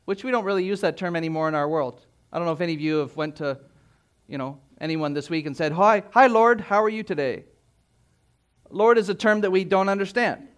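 A man's voice: high voice, fairly bright tone. A man preaching a sermon as pastor, emphatic, with rhetorical questions and repeated phrases.

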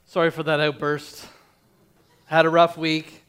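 A man preaching to his congregation. His voice sits high for a man and rings smooth and clear. He talks in a loose, conversational way, restarting phrases and putting questions to his listeners. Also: monotone, a little slow, fairly bright tone. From Canada. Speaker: pastor. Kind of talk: sermon.

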